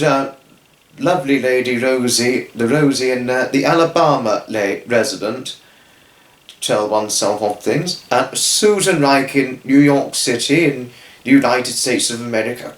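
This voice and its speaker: A man's voice: medium pitch, reverberant, rough recording. A man hosting his own channel, giving a rambling, effusive spoken tribute to friends, full of restarts and fillers. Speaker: channel host.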